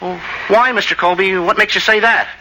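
A man's voice: sits high, fairly even intonation, fairly quick. An actor playing a bumbling, wisecracking young man who runs a fix-it shop, in 1940s radio acting style. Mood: nervous. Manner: goofy, wisecracking. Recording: noisy old radio broadcast.

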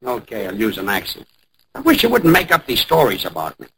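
A gravelly-voiced man delivers dry, deadpan lines as the straight man of a vintage radio comedy. His pitch moves freely despite the flat delivery. Thick broadcast hiss runs under him. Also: a little fast. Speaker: comedy co-host. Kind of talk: 1940s radio acting. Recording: hissy old radio broadcast.

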